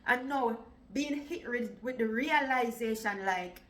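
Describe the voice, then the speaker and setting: Jamaican woman, 40s, vlogger; fairly high, bright, sharp voice, emotional storyteller. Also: measured pace, low-quality recording. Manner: emotional retelling, repeats "like" often. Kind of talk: storytime vlog.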